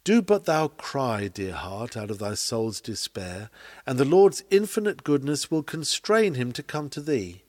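A man reading aloud a Victorian sermon in an earnest, pleading way, full of archaic thee and thou, swinging between hushed lines and rising emphasis. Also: medium pitch, very animated, a little slow. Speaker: sermon reader.

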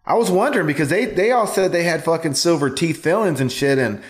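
A man's voice: fairly high pitch, brisk. A man co-hosting a podcast in casual chat, laid-back, slangy and profane. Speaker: podcast co-host.

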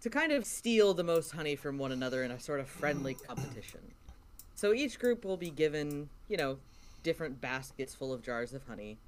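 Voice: mid-range voice, big pitch swings, brisk. A game master narrating the setup of a tabletop game in a playful way, with fillers and hedges.

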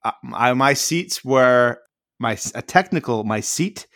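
A podcast host casually tells a rambling anecdote packed with "like" fillers, mimicking others when he quotes them. His mid-range voice is lively in intonation, unhurried and a bit bright, captured in a dry, clean studio recording.

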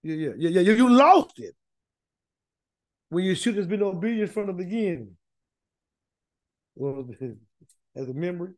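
A man's voice: high voice, lively intonation, a little slow, pauses often, a little mellow, no room sound. A man leading an informal Bible study, preaching in a folksy, emphatic way and often repeating words as he builds a point. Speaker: Bible teacher.

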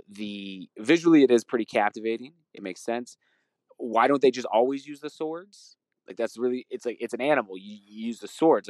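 A man's voice: lowish voice, a little mellow, no room sound. Man ranting indignantly in a voicemail. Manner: rambling, indignant, halting. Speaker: voicemail caller.

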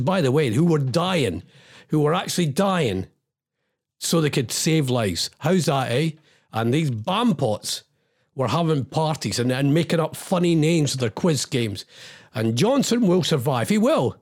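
A man's voice: on the high side, animated, moderate pace, a little mellow. Ranting male radio host. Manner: exasperated, rambling, wry asides.

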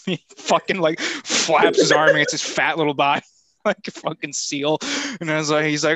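A man's voice: a little high, steady tone, moderate pace, sharp tone, no echo. A young man co-hosting a podcast in casual chat, joking wryly and swearing casually. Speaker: podcast co-host.

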